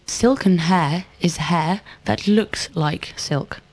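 A woman giving measured, full-sentence answers in a scripted language drill. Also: fairly low pitch, a little mellow. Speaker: model student.

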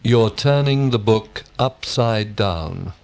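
Low-voiced man reciting drill answers. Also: slow pace, gravelly. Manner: steady, full-sentence recited answers. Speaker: model student.

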